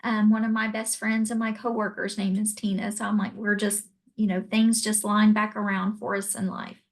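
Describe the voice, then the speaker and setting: A woman telling a deeply personal story as an interview guest, earnest and reflective. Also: flat delivery, moderate pace, low-quality recording.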